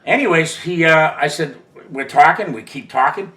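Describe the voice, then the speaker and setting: Older male interview guest, veteran storyteller, rambling and salty, bright tone, echoey room. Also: fairly high pitch, moderate pace. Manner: rambling, profane, full of "you know" asides. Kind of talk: casual storytelling.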